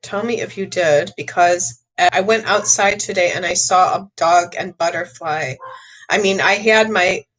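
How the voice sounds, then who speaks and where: A woman's voice: fairly low pitch, a little slow, a bit bright, rough recording. An older woman talking casually to her viewers, rambling and chatty and a little emotional. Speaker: vlogger. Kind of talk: casual chat to camera.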